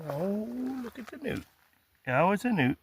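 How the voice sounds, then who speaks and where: This high-pitched man speaks at a measured pace with big swings in pitch, over a faint hiss or hum. Vlogging a thru-hike on a country road, he chats casually and coos at passing animals in a sing-song way.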